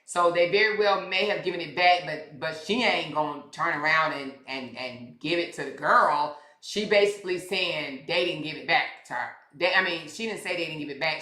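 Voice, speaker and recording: A woman's voice: low-pitched, sharp tone. Sassy woman livestreamer in an echoey room. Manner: sassy, blunt, profane, talks straight to her chat. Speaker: livestream commentary host. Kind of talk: casual livestream chat to viewers.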